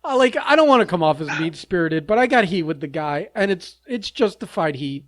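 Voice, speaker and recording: A man's voice: sits high, lively intonation, fairly quick, dry recording. A man co-hosting a casual podcast chat, ranting bluntly and with a lot of swearing between bursts of laughter. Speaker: podcast co-host.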